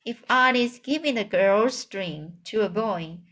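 A woman voicing a huge, kindly old male giant who speaks slowly in jumbled grammar. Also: medium pitch, expressive. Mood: gentle. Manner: slow, gentle, jumbled grammar.

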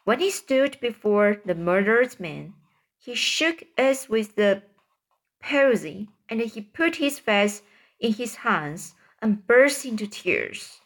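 Slow, halting woman reading aloud. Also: on the high side, expressive. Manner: halting, restarts on hard words. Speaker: reader. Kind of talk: reading a classic novel aloud.

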